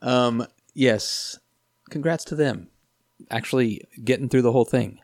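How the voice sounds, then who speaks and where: A man's voice: mid-range voice, measured pace, a little mellow, dry recording, clean studio sound. A man co-hosting a podcast in casual chat, with wry, joking remarks. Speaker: podcast co-host. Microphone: headset mic.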